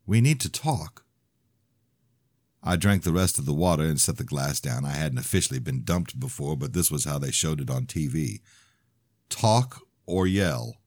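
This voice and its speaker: A man's voice: a bass voice, a little fast, hardly any pauses, a little mellow, no room sound, studio quality. A man narrating his own novel in the first person, in a plain storytelling manner.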